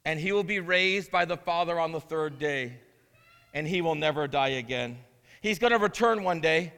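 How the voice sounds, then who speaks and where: The interim pastor's voice is fairly high, lively, pushed and bright as he preaches at a moderate pace, his words trailing long reverb in the sanctuary. Scripture gives way to earnest asides that mount into emphatic proclamation.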